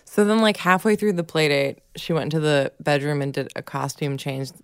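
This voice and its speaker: Female podcast co-host, very low voice, teasing and quick to laugh, dry close mic. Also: clean tone, dry recording. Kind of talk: casual chat.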